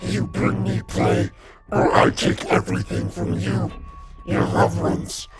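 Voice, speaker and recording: A man voicing a grotesque sewer monster that speaks in slow, broken, childlike phrases, often in a loud hissing whisper, with music behind. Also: lightly acted. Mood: menacing.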